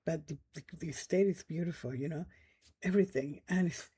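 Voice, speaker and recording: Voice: medium pitch, moderate pace, dark tone, breathy edge. A middle-aged vlogger telling a personal story in a loose, rambling way, often checking in with the listener and using loose, nonstandard grammar. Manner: rambling, checks in with "right?" and "okay?". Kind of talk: casual spoken storytelling to camera.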